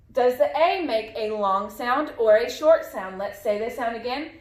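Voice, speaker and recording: Slow, patient phonics teacher, a woman. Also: fairly high pitch, darkish tone, reverberant. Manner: patient, drawn-out modeling of sounds and words. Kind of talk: slow phonics lesson for young children.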